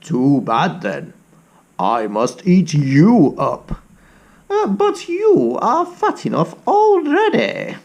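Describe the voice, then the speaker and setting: A man's voice: a little high, wildly swooping pitch, slow, darkish tone, full character voice. A man voicing a greedy, demanding male cat in a children's picture book read-aloud.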